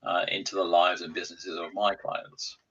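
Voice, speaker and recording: A man, an executive coach and podcast guest, explaining things in a measured way with frequent ums. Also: low-pitched, level tone, fairly bright tone, slightly rough, muffled recording. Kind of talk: casual conversational interview.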